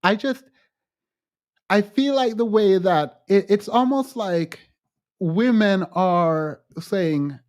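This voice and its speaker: A man hosting a livestream, talking frankly to his chat in halting restarts and growing emphatic when he quotes others. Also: high-pitched, darkish tone. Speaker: livestream host. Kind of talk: livestream chat answering viewers.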